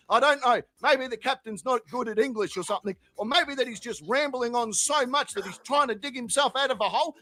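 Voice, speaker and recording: A man's voice: extremely high pitch, brisk, hardly any pauses, sharp tone, no echo. A man hosting a comedy show, telling crude, profane, rambling stories. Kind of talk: crude comic monologue.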